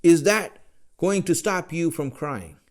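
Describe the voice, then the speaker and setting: Slow, questioning male religious lecturer. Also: on the high side. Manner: rhetorical questions, role-plays the listener's replies.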